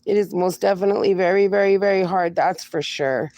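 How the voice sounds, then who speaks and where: This is a woman in her forties hosting a relaxed livestream, where she reads comments aloud and answers with affection, using "my darling" and "my friend." She talks fairly quickly at medium pitch, with a darkish tone and no room sound.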